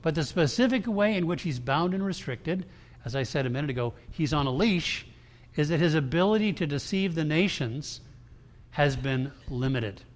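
Preaching in a conversational style to his congregation, a pastor speaks at a moderate pace in a fairly high voice with lively intonation. Frequent restarts and emphatic quoted lines mark his delivery, and the hall reverb is long.

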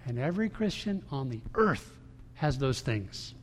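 A man preaching a sermon to a congregation, emphatic and swinging between hushed lines and loud ones. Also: mid-range voice, lively intonation, normal speed, a little hiss or hum. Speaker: pastor. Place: large church room before a congregation. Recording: long hall reverb.

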